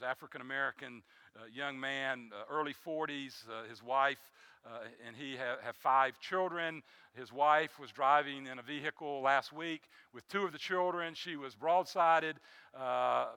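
Gravelly high-voiced male preacher. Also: no room sound. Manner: preaching with rising emphasis and many restarts; drops to a soft low voice on key phrases. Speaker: pastor. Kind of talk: sermon.

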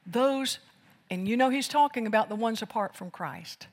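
A preacher delivering an emphatic sermon, moving from loud declarations to hushed lines. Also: mid-range voice, moderate pace. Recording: long hall reverb.

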